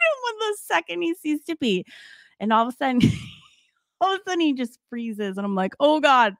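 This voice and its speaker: A woman in her forties, an art teacher, chats on a livestream in a slightly high voice. She rambles through her stories with fillers and laughs. The sound is dry and close to the mic. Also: big pitch swings, moderate pace, no room sound. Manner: chatty, laughing storyteller with many fillers. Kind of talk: casual livestream chat.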